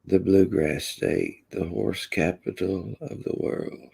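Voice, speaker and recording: A man's voice: low voice, slow pace, vocal fry, breathy edge. A man from Kentucky with a Southern drawl, chatting casually on a livestream and answering viewer comments, his voice a bit congested and coughy. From Kentucky, USA. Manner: relaxed drawl, reads and answers chat aloud. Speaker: livestream host.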